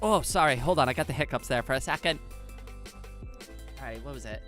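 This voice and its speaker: A woman chatting casually on a live stream, excitable and giggly, saying "like" a lot. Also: rumbling low, fairly quick, faint music behind.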